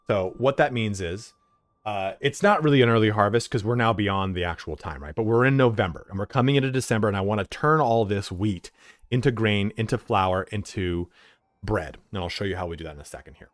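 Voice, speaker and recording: A man's voice: lowish voice, a little fast, no echo. A man streaming a strategy game, chatting casually, swearing freely and breaking off to give his dog commands at home. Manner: laid-back, swears freely, talks to his dog between game commentary. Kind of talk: casual live-stream chat.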